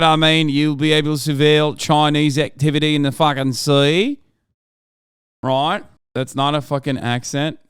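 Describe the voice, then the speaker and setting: A man's voice: a little high, smooth, no room sound, studio quality. A man hosting a live stream, reacting to political clips in casual, profane, slangy commentary. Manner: animated, profane, slangy, addresses chat as bro. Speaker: streamer host.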